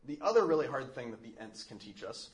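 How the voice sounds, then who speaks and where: A man's voice: mid-range voice, very animated, fast talker. A Catholic man giving a casual teaching talk. He speaks in a thoughtful, earnest way, with many "um"s and restarts.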